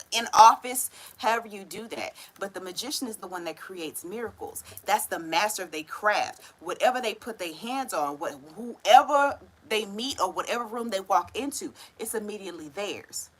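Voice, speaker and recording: A woman's voice: mid-range voice, fairly bright tone, rough recording. A woman giving a casual tarot reading, talking in a chatty, slangy way full of "right?" tag questions and frequent laughs. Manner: laughs often while telling stories. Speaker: tarot reader.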